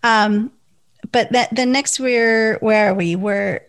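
A woman chatting casually about a TV episode, enthusiastic and quick with asides. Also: fairly high pitch. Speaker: co-host. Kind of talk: casual TV recap chat.

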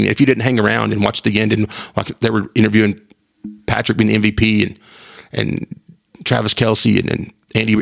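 A man's voice: mid-range voice, gravelly. A man hosting his own podcast, rambling in casual chat with frequent restarts. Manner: rambling, animated, with repeated restarts. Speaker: podcast host.

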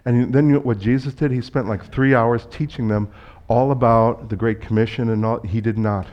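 A man's voice: medium pitch, fairly even intonation, moderate pace, muffled recording. Man, pastor, sermon, storytelling, talks straight to the congregation, acts out dialogue. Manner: storytelling, acts out dialogue with sudden loud bursts; conversational, speaks directly to the congregation.

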